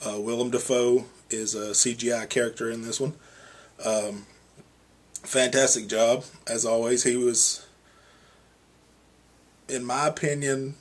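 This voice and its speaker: A man's voice: medium pitch, level tone, unhurried, pauses often. A young man giving a casual, rambling movie review, full of "you know" and "um". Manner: rambling, filler-heavy, with many "you know" and "um".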